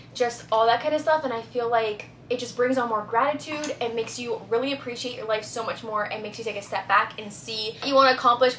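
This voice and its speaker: In this home vlog, a young woman speaks to her viewers casually, sounding upbeat and confiding. Her pitch is fairly high and her tone fairly bright, recorded indoors in an echoey room with a little faint noise.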